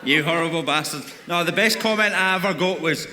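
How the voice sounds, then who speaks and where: A Glaswegian stand-up comedian with a slightly high voice, swearing freely and bantering with the audience. His voice rings through a big, echoey arena with a long reverb tail. Crowd noise is heard clearly behind him. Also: a little fast. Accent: Scottish, Glaswegian. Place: large arena on stage.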